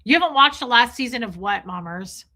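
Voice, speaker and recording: A woman's voice: fairly high pitch, expressive, a little fast, pushed and bright. A woman live streaming in casual chat, gushing and rambling as she answers viewers' comments. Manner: gushing, enthusiastic, rambling with restarts.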